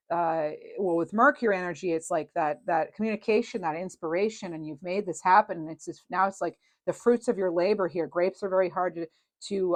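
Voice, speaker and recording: A woman reading tarot cards in a casual, rambling and reassuring way, with many fillers. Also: lowish voice. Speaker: tarot reader.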